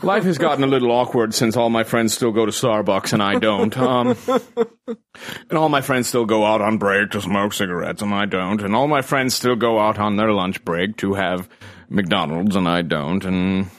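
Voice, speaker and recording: A man's voice: lowish voice, expressive, moderate pace. A young man co-hosting a casual chat, ranting and swearing as he mocks people in put-on quotes. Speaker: podcast co-host. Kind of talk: casual profane banter.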